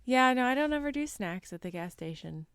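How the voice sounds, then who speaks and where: Podcast co-host, woman, mid-pitch, easygoing, laughs a lot, dry close sound. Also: a little fast, clear, resonant tone, dry recording. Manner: relaxed, laughs often, short agreeing replies. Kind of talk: casual chat.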